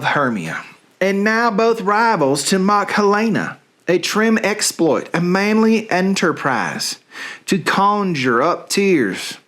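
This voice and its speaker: A man's voice: sits high, a bit bright, heavily acted. A man reading the part of an indignant young woman in a Southern accent. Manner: reads Shakespeare verse in a put-on drawl. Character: wronged young woman Helena, hurt and indignant. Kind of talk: comic dramatic reading.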